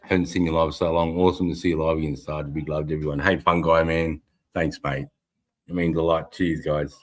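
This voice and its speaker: A man's voice: extremely low pitch, level tone, brisk. An Australian man hosting a casual livestream, rambling and swearing freely. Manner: rambling, heavy swearing, frequent laughter. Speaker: livestream host.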